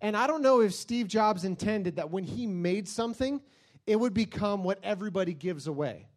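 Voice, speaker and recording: A man with a high, light voice preaches a lively sermon. He talks casually and jokes as he goes, acting out the people in his stories with comic voices. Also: normal speed. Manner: animated storytelling, acts out silly voices; jokey, conversational preaching.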